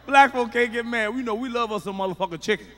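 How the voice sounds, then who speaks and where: A man doing a stand-up comedy routine, loud and profane, swinging between shouted punchlines and muttered asides. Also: extremely high pitch, fast talker. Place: large theater stage with live audience. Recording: live concert hall reverb.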